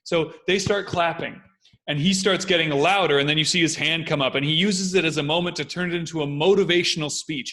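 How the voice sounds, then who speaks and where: A man co-hosting a casual chat, explaining in an animated way, step by step. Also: a little high, creaky. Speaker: co-host.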